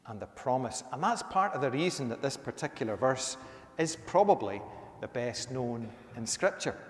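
A man, a minister giving a conversational sermon with emphatic rises. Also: a little high. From Northern Ireland. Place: church. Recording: echoey church hall.

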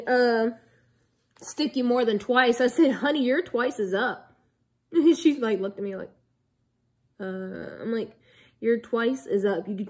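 A woman's voice: mid-range voice, warm tone. A young woman telling a rambling story to camera, full of likes and ums. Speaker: vlogger.

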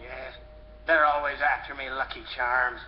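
A man's voice: mid-range voice, level tone, normal speed, roomy sound, dull audio, soft background music, natural voice. A man in a film scene, talking in a puzzled, drawling way. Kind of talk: film dialogue.

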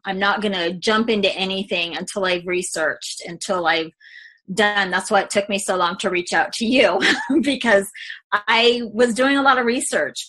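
Woman agent, bright forceful voice, talks candidly and rambles a bit; good for a client testimonial read. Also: mid-range voice. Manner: candid, rambling, with many fillers. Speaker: real estate agent. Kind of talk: testimonial interview.

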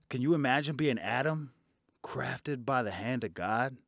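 A man's voice: medium pitch, lively intonation, a little slow, creaky, a bit bright, dry recording, clean studio sound. A man doing a stand-up routine, sarcastic and profane. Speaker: stand-up comedian.

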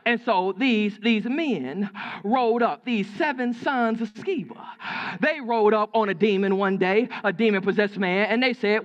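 A man preaching a sermon as pastor, his voice sitting high. He tells folksy stories and repeats lines for emphasis. The recording sounds a little dull and lo-fi. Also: a little slow. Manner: preaching with folksy storytelling and repetition.

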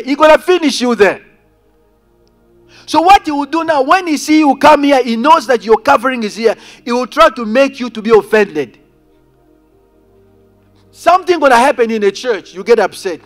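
A man preaching a sermon as pastor, calling out to his congregation and swinging between loud emphasis and quiet asides. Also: very high voice. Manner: preaching with rising and falling intensity, addressing congregation directly. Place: church.

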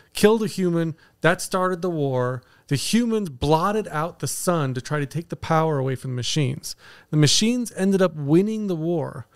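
A man co-hosting a casual movie review podcast, talking in an animated way and tossing out questions and theories. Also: on the high side, clear, resonant tone, no echo. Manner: animated, speculative, poses questions. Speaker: podcast co-host.

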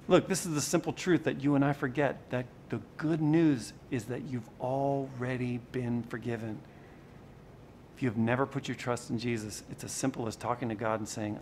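A man preaching a sermon in a conversational, animated way, with sudden shifts in loudness for emphasis. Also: medium pitch, normal speed, slight background noise. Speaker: pastor.

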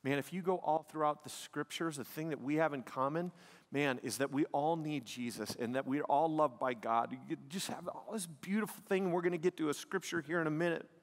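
A man's voice: a little high, fairly quick. A man preaching a sermon in an emphatic, conversational way, often dropping "man" and "like" between points. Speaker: pastor. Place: church sanctuary. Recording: long reverb of a large hall.

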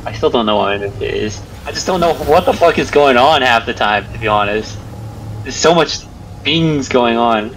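A man's voice: medium pitch, lively intonation, moderate pace, fairly bright tone, a little hiss or hum, low-quality recording. A young man giving casual gameplay commentary, confused and exasperated, swearing often. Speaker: gamer.

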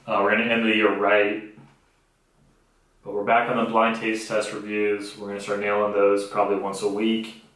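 A man's voice: on the low side, monotone, normal speed, fairly bright tone. Sarcastic young man in an echoey room. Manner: blunt, profane, sarcastic storytelling. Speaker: podcast host. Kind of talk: casual comedic podcast monologue. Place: homemade home studio.

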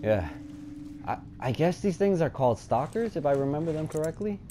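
Foul-mouthed man gaming, muttering to yelling. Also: on the high side, big pitch swings, fairly quick, soft background music. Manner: swears a lot, swings from muttering to panicked yelling. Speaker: gaming channel host. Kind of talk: let's play commentary.

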